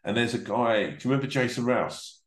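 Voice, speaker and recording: A man's voice: medium pitch, fairly even intonation, fast, roomy sound. A man, a comedian guest, telling rambling, sweary stories in casual podcast chat. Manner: sweary, rambling anecdotes with restarts.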